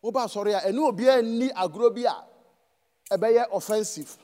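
A man's voice: sits high, moderate pace, dark tone, big-room sound. A man with a Ghanaian accent preaching a sermon in a church, switching between English and Twi and prompting the congregation to answer. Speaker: pastor.

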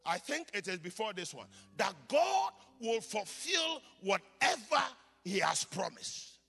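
A man delivers a sermon in a very high, bright voice. He moves from quiet scripture reading to loud shouted blessings, switching between English and Twi. His voice rings through a reverberant church hall over faint music. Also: very animated, a little slow, gravelly, slightly rough. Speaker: pastor.

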